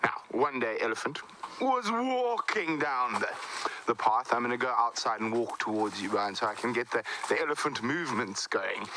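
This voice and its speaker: A man's voice: medium pitch, noisy background. A man, a safari show presenter, playfully telling a folktale from inside a tent. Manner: playful, animated. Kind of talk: folktale storytelling. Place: canvas tent in rain.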